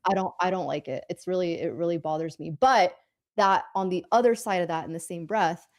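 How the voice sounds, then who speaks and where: Woman with a low voice chatting casually. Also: brisk. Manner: rambling, self-correcting, laughs often. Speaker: co-host of a live trading stream. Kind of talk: casual chat.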